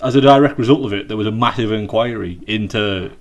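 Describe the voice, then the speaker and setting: Brief: British man, low-pitched voice, loose and rambling, swears freely, stop-start delivery. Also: fast talker, lo-fi sound. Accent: British English. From United Kingdom. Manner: rambling, sweary, with many fillers and restarts. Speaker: podcast co-host. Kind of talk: casual chat. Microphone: video call.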